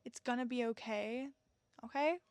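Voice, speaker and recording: Young woman podcast host, kinda high voice, earnest and reassuring, chatty, dry close sound. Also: moderate pace, clean tone, no room sound. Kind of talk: solo podcast talk.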